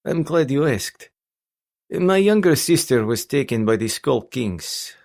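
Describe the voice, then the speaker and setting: Male narrator putting on a Russian crime boss, heavy Russian accent, higher and thinner than his own voice, clipped, unemotional. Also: lively intonation, measured pace, vocal fry, darkish tone. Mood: cold, pragmatic. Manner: restrained, pragmatic, unemotional. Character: cold pragmatic Russian crime boss, adult man.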